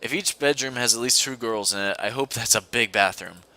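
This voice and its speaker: A young man's sharp, mid-range voice moves fairly quickly as he reads a visual novel aloud for a co-op gaming video. He records on a desk mic at his computer and drops in giggly, playful comments between lines.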